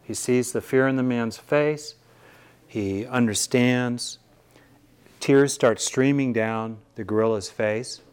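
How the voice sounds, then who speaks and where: A man teaching meditation to a live audience. His delivery is thoughtful and searching, with frequent restarts. His voice sits at an ordinary middle pitch. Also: slow, a little mellow, clean tone.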